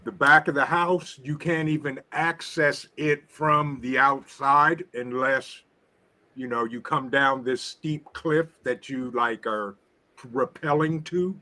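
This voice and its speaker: A man chatting casually on a livestream panel, slow and agreeable. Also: medium pitch, fairly even intonation, sharp tone. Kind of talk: casual chat.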